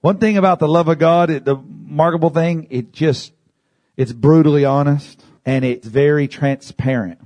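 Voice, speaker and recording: A man preaching a sermon, moving from calm teaching to loud, high-pitched shouting. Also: normal speed, no echo.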